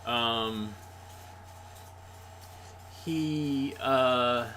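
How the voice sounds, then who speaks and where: A man chats casually as a host, rambling and pausing with fillers. His voice sits at a middle pitch. Faint ambient noise sits behind him. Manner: relaxed, rambling, with many fillers. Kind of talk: casual livestream chat.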